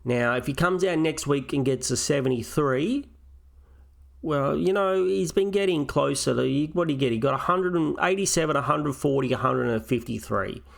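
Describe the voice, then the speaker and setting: A man's voice: on the high side, moderate pace, gravelly. A man hosting a casual solo review of his fantasy football team, thinking aloud as he weighs his options step by step. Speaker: fantasy football channel host.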